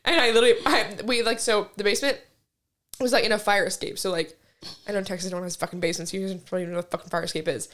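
Young adult woman, quick and chatty, swears a lot, laughs through her stories. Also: mid-range voice, steady tone, fairly bright tone. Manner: chatty storyteller, swears freely, laughs often. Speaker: podcast co-host. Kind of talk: casual chat. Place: lived in a place with basements, now in Texas.

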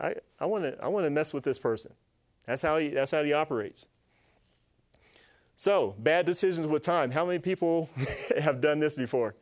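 A man giving an animated, faith-based teaching talk to a live group, asking them questions and acting out little voices. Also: fairly high pitch. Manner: animated, asks the audience questions, acts out voices. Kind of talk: lively sermon-style teaching to a live group.

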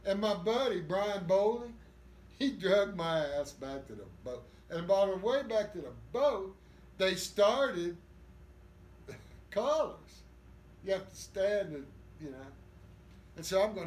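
An older man with a high-pitched voice tells rough, profane stories in an animated way. He sounds roomy and echoey, with faint ambient noise underneath him. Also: a little slow. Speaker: guest. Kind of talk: storytelling interview.

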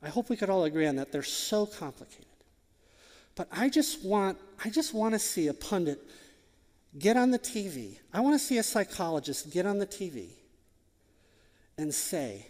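A male pastor delivers a sermon in a high, lifted voice, pressing his points with repeated rhetorical questions. His voice rings out with a long reverb, as if filling a church hall. The delivery is emphatic and direct. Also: sing-song, moderate pace, long pauses, a little mellow.

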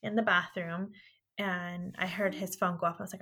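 A woman's voice: lively intonation, quick pace, fairly bright tone. A woman in her thirties from California, co-hosting a podcast and telling stories in casual chat, acting out quotes. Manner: chatty storyteller, acts out quotes in a higher voice. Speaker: podcast co-host.

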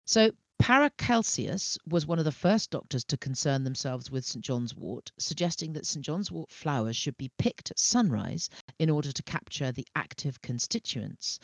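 Middle-aged woman podcast co-host, very animated pitch, dry voice, eager fact-reader. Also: moderate pace, vocal fry, hardly any pauses, no room sound. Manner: enthusiastic, reads facts aloud. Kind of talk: casual podcast chat.

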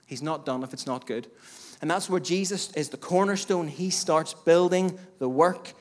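A male pastor delivers a sermon with fervent, rhythmic emphasis, stacking short repeated phrases and calling out to the congregation. His voice sits a little higher than most men's. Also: moderate pace. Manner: emphatic preaching with rising bursts and repetition; addresses the congregation directly as church and folks.

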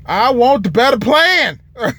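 A man's voice: very high voice, big pitch swings, unhurried, a bit bright. A young man from Michigan, a truck driver vlogging, ranting to camera in a profane, frustrated way and laughing often. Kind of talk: casual rant to camera.

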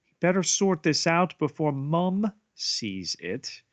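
A man's voice: fairly high pitch, big pitch swings, slow, no room sound, voice pushed up. A man putting on a British accent to voice a fussy, exasperated young man.

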